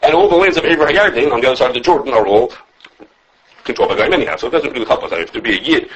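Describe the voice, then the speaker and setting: Animated, fast-talking man teaching a class. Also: medium pitch, breathy edge, dull audio. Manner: animated, quick, thinks aloud with restarts and quoted sources. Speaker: rabbi teaching a halacha class. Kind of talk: lively classroom lecture with questions from students.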